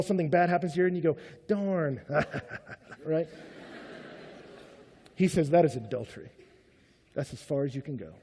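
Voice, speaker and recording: A man preaching a sermon in a conversational way, swinging between loud and hushed. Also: fairly high pitch. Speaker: pastor. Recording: long hall reverb.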